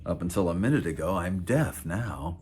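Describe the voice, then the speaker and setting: A dry, sarcastic wife trades deadpan quips in a memoir reading, voiced by a man in his own low, plain voice. Her lines land flat and unbothered. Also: moderate pace, slight background noise.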